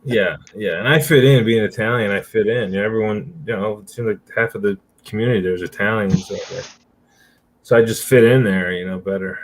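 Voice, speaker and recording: A man's voice: on the low side, brisk, slight background noise, low-quality recording. A man chatting casually, rambling and full of filler words, laughing often. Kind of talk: casual chat.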